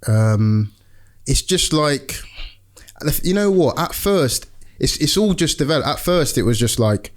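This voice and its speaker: A young man in casual conversation, chatty and animated as he tells stories from his work. His voice sits at an ordinary middle pitch, and he slips into quick impressions of other people mid-sentence. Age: young adult. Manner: chatty storyteller, acts out patients' lines. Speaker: football club doctor, podcast guest. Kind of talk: casual chat.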